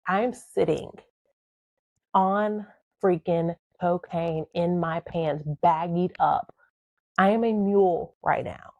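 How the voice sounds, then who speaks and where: A woman's voice: on the low side, slow, vocal fry, dry recording, lo-fi sound. A woman, emotionally and dramatically telling a personal story on her podcast.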